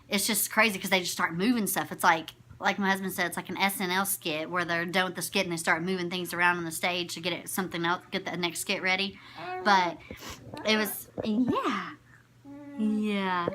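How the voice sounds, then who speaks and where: A woman's voice: mid-range voice, sharp tone. A young woman in her twenties, a new mother, telling her story to the camera in a chatty, rambling way, often correcting herself.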